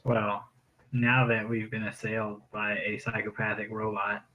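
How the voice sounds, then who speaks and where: Joking guy playing a tabletop game, lowish voice, muffled call audio. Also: monotone, unhurried. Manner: wry, joking. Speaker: player. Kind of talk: casual game chat.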